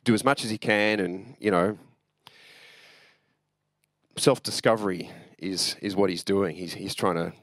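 Male pastor, low voice, dry close sound, earnest conversational sermon. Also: steady tone, a little slow, pauses often, fairly bright tone, dry recording. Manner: conversational and earnest, with restarts and asides.

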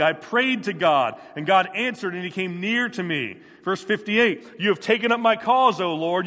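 Guy preaching a sermon, pretty high voice, earnest and emphatic, big echoey hall. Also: a bit bright. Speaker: pastor.

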